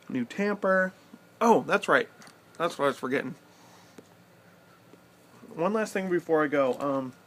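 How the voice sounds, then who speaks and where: Excitable young man rambling in the cold. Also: a little high. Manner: excitable storyteller, loose and rambling, swears casually. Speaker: pipe-smoking vlogger. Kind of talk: casual vlog chat. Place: outdoors in the cold.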